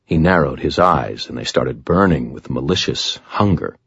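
A man's voice: a bass voice, animated, moderate pace, creaky, fairly bright tone, husky, no room sound, dull audio. A man narrating an audiobook in the first person, with dry, wry storytelling.

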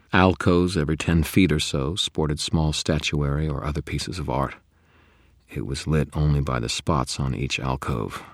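An audiobook narrator reads a first-person novel aloud, his delivery wry and deadpan. His extremely low, husky voice is captured in a dry recording with no room sound.

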